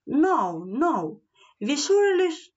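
A woman's voice: high voice, very animated, takes it slowly, a little mellow, muffled recording, pitched above the performer's own voice, full character voice. A woman voicing a cautious, worried girl doll in a storybook, a little stammering.

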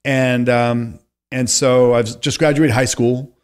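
A man in his fifties from California, a podcast guest telling long animated stories and acting out the voices of people he quotes. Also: medium pitch, slow, clean tone. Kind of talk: conversational storytelling.

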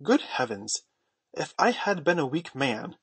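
A man's voice: medium pitch, expressive, normal speed, no room sound, lightly acted. A man doing a proud, dramatic middle-aged father. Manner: self-satisfied, dramatic exclaiming.

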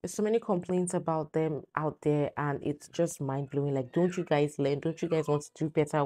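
A woman's voice: deep voice, dark tone. A woman hosting a clip commentary show, giving her opinion in an emphatic, ranting way. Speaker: host. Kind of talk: commentary on clips.

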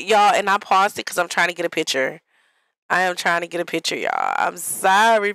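A woman's voice: fairly low pitch, huge pitch swings, normal speed, gravelly, fairly bright tone, no room sound, rough recording. A young woman giving casual gameplay commentary in a life-sim game, chatty and talking straight to her viewers. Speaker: gaming vlogger.

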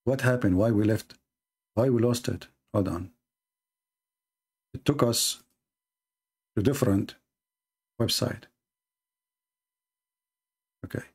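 A man hosting a religious debate, reading a text aloud and mocking it sarcastically with sudden high-pitched jabs. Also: takes it slowly, gravelly, long pauses, darkish tone, breathy edge. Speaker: debate host.

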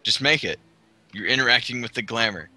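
A man's voice: medium pitch, expressive, brisk, sharp tone, no room sound. A young man playing a tabletop game, teasing the others and laughing a lot. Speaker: player. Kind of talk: casual tabletop game chat.

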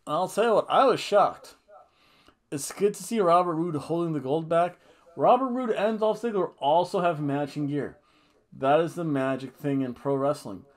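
A man's voice: on the high side, normal speed. Rambling, tipsy man. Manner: jokey, rambling, breaks into goofy singing and chants. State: a bit tipsy from wine. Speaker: podcast co-host reviewing wrestling. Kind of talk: casual rambling review.

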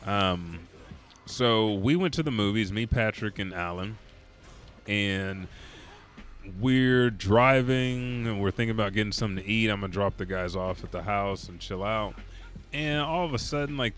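A man's voice: on the low side, measured pace, fairly bright tone. Tired, profane, rambling young man. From Oklahoma, US. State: tired from staying up all night. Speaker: gaming streamer. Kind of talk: casual storytelling while playing.

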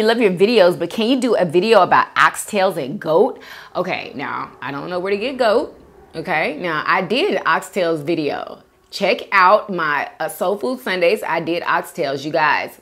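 Woman, unhurried eating-show chat, lively pitch, reads comments and gushes thanks. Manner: chatty, reads comments aloud and reacts with gushing thanks. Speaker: mukbang host reading viewer comments. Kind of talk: casual chat while eating.

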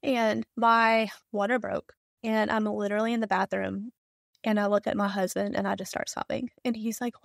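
A woman's voice: medium pitch, little pitch movement, normal speed, creaky, no echo, studio quality. A woman in her thirties with a Southern US accent, telling a personal story candidly and with emotion as a podcast guest. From Southern United States.

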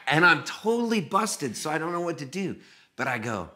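A man telling a funny story as a guest, animated and often laughing. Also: on the high side, moderate pace, pauses often. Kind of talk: casual storytelling.

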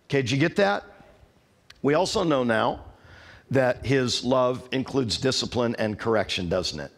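A middle-aged man preaching a sermon to a church congregation, rising to loud, emphatic declarations and then dropping low. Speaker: pastor. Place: church sanctuary.

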